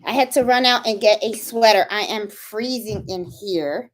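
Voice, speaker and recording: At home in a chilly room, a woman with a medium-pitched voice hosts her channel's casual craft livestream at normal speed. She sounds a little out of breath, chatting away with plenty of fillers and checking in with her viewers.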